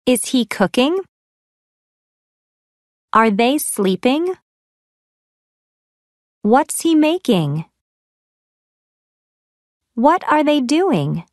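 High-voiced woman modeling questions very slowly. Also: very animated, dry recording, clean studio sound. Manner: slow, carefully exaggerated intonation. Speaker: model speaker in course audio. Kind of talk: scripted example questions for pronunciation practice.

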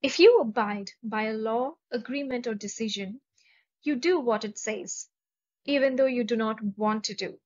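In this dull, lo-fi recording, a woman speaking Indian-accented English leads a slow, deliberate vocabulary lesson. She carefully sounds out each word and then reads sample sentences. Her pitch is fairly high and her pace moderate.

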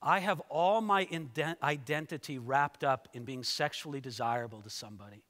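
A man's voice: mid-range voice, moderate pace, fairly bright tone, long reverb tail, pitched below the performer's own voice, close to an everyday voice. A preacher voicing a bitter, ashamed noblewoman. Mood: self-pitying. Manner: brooding inner monologue.

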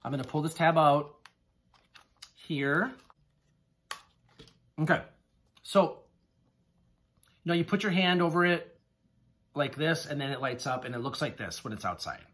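Talk like a guy showing off a haul, overwhelmed and grateful, halting and starting over, everyday middle voice. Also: a little high, expressive, a bit bright. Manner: effusive, gushing thanks with halting restarts. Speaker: haul vlogger. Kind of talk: casual haul video chat.

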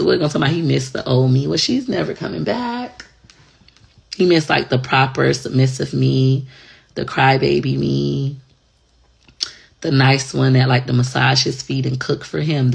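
A woman's voice: deep voice, creaky, slightly rough. A woman in casual confessional chat, talking bluntly and frankly with plenty of profanity. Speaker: online personality.

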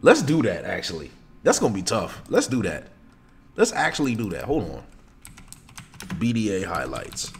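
A male streamer chatting loosely with his viewers, excitable and full of slang. His pitch swings around a lot as he talks. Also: normal speed, gravelly, long pauses, slight background noise. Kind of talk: casual live-stream chat.

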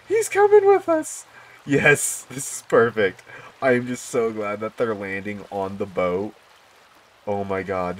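A man giving casual commentary on his own gameplay, excitable and prone to bursts of delight. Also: medium pitch. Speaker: gaming YouTuber.

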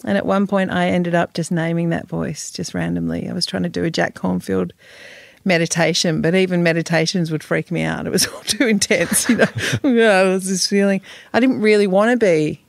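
A woman's voice: on the low side, fairly even intonation, brisk, creaky, no echo. A woman, speaking frankly and emotionally as a podcast guest, swearing and laughing now and then. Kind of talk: candid podcast interview.

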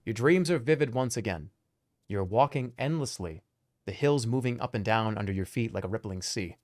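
A man's voice: fairly low pitch, normal speed. A man streaming, reading a fantasy gamebook aloud with joking asides and laughter. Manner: animated, joking, laughs between lines.

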